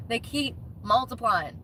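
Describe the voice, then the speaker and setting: A woman's voice: a little high, bright, forceful tone, slight background noise. A young woman vlogging about van life, telling an indignant, profane story in short bursts. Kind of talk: ranting vlog storytime.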